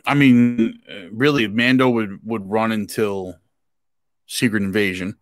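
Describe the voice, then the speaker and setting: An easygoing man talking casually as a podcast co-host, relaxed and quick to agree. His voice runs a bit low. The sound is dry and close to the mic. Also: no echo. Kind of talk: casual chat.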